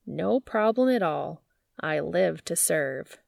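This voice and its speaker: A woman's voice: fairly low pitch, lively intonation, takes it slowly, vocal fry, a little mellow, dry recording, studio quality, heavily acted. A woman voicing a sly male building manager with a whiny, nasal voice and a smug, gleeful way of talking.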